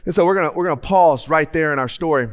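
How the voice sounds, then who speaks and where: A male preacher with a high-pitched voice, speaking into a stage microphone in a church. His sermon is humorous and folksy, and he slips into the voices of people in his stories to act them out. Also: fast, clear, resonant tone. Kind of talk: lively sermon. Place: church sanctuary.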